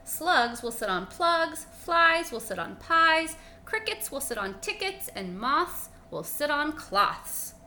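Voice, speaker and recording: A woman's voice: sits high, very animated, slow, hardly any pauses, sharp tone, a little hiss or hum, pitched above the performer's own voice, full character voice. A woman voicing a bossy, rule-changing frog from a picture book, speaking in a sing-song rhyming way.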